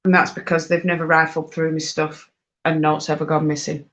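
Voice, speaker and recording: A woman's voice: low voice, little pitch movement, brisk, a bit bright. A woman chatting casually on a live stream, reading out and answering viewers' questions. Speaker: fibre craft live-streamer.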